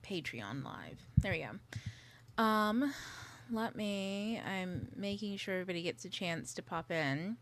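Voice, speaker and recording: A woman's voice: mid-range voice, animated, slow pace. Chatty woman livestreaming, clicks behind. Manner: chatty, thinks aloud while fixing her setup, drops into whispered asides. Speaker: livestream host. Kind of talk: casual livestream chat. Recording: audible clicking noise.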